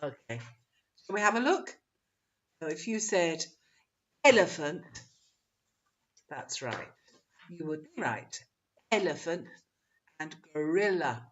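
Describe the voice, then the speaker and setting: A woman's voice: sits low, big pitch swings, measured pace, long pauses, highs cut off. A woman teaching English pronunciation in an online webinar, drawing out example words and laughing often.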